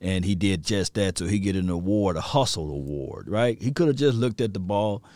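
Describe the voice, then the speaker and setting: Guy hosting a sports stream, hyped and rambling, laughs a lot, crisp voice. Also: deep voice, moderate pace, dry recording. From rural area. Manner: excitable storytelling, laughs often, slangy. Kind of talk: animated sports talk.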